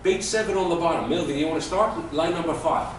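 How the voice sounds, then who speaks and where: Speaking quickly in a fairly high pitch, a man teaches Hebrew to a class, patiently drawing on everyday examples. The lesson was picked up from far away in an echoey room, with a little faint noise.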